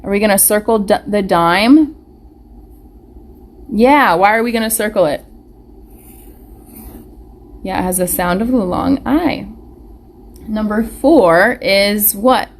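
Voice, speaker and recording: A woman's voice: mid-range voice, slow pace, long pauses. A young woman teaching a live online phonics lesson to small children, asking questions, answering them herself and sounding out letters with care. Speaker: preschool teacher. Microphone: webcam or phone camera.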